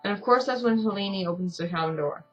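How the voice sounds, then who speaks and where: A woman reads a story game aloud for her channel, steady and mid-pitched, now and then breaking off for casual, self-mocking remarks. Soft game music plays faintly beneath her voice. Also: quick pace, dull audio. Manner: casual, self-deprecating asides. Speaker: let's-play streamer.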